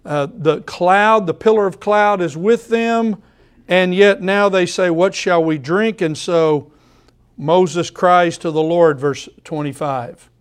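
A man preaching to his congregation at a measured, deliberate pace. His voice sits a little above the usual male pitch. He comes back to the same phrases again and again to hammer a point home. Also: clean tone. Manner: repeats phrases for emphasis. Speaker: pastor. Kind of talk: sermon.

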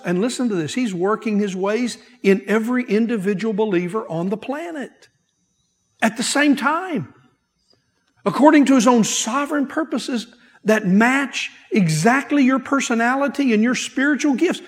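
A man preaching a sermon as pastor, emphatic, repeating key phrases and slowing down to stress them. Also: sits high. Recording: long hall reverb.

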